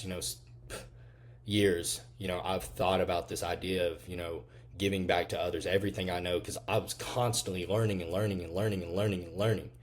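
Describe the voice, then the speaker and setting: A man in his twenties, a physique coach, speaking casually and earnestly to camera, full of "you know" fillers and swearing, turning into fired-up motivational urging. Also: low-pitched. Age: 20s.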